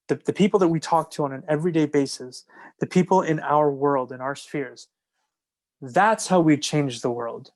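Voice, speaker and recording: A man speaking as a guest in a casual podcast conversation, earnest and repetitive, restarting phrases as he builds to his points. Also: on the high side.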